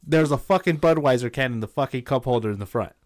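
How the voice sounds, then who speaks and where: A man hosting a casual podcast, telling a rowdy story in a profane, animated way and dropping Spanish slang. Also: mid-range voice, fast, a crowd in the background. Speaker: podcast host.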